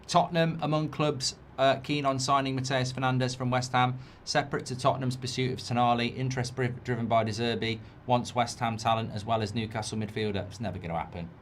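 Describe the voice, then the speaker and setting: A man's voice: mid-range voice, fairly even intonation, a little fast, few pauses, a little hiss or hum. A man hosting a football watchalong, talking in a sarcastic, blunt, rambling way. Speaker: host.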